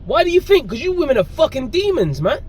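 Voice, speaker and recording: A man's voice: very high-pitched, very animated, quick pace, a little mellow, low-quality recording. A man preaching a confrontational, profane sermon outdoors, cursing and calling listeners "man" over and over. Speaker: religious preacher.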